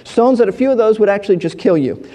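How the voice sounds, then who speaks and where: A man with a high, mellow voice teaches through scripture verse by verse, explaining each point and often doubling back on his words. His voice rings out with the long reverb of a large hall. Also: lively intonation, fast talker. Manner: explanatory, repeats words and restarts phrases. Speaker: Bible teacher.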